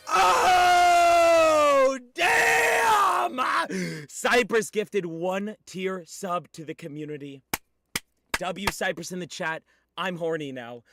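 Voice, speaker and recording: A young man livestreaming, chatting casually with viewers in an excitable, teasing way with sudden shouts. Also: fairly high pitch, no room sound, clean studio sound.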